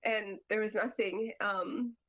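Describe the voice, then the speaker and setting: A woman guest on a podcast, telling a personal story in a halting way, full of "like" and "you know". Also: mid-range voice, steady tone, fairly bright tone, highs cut off.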